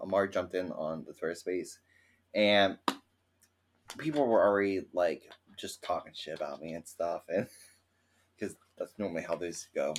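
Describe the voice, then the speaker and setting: A man co-hosting a casual podcast, telling stories in an animated way and acting out the quotes. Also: deep voice. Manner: animated storyteller who acts out quotes. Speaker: podcast co-host.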